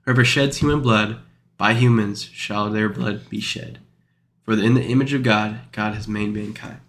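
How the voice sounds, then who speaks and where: A man's voice: on the low side, fairly even intonation, normal speed, fairly bright tone, a little hiss or hum. A man reading scripture aloud and explaining it in an informal, rambling way, full of fillers and self-corrections. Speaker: Bible study teacher. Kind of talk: informal Bible study reading and commentary.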